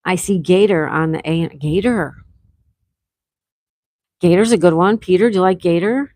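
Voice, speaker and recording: A woman's voice: lowish voice, normal speed, a little mellow, dry recording. Chatty woman hosting a live stream. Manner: chatty, reads viewer comments aloud and spells out letters. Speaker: livestream host. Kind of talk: casual live-stream chat.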